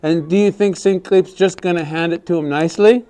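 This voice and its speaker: A man telling a story to a class of young children, animated and often asking them questions. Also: high voice, a little fast.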